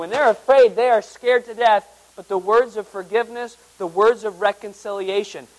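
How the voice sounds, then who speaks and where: A male preacher with a high voice teaches through a Bible passage verse by verse. He reads the old formal scripture wording aloud, then explains it. His delivery swings dramatically, dropping to hushed, intimate tones and then climbing back to loud, emphatic high points. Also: steady tone, moderate pace, few pauses, poor audio.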